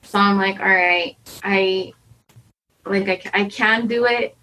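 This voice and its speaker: A woman's voice: medium pitch, steady tone, measured pace, sharp tone, slight background noise, low-quality recording. A woman in her thirties, a podcast guest, talking candidly and anxiously, rambling with many fillers. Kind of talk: candid conversational interview.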